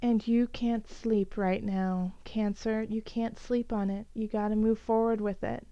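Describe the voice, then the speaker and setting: A woman's voice: a little high, flat delivery, a little slow, dark tone, smooth, dry recording, dull audio. A woman giving an earnest, encouraging tarot reading for each zodiac sign, with many fillers and restarts. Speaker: tarot reader.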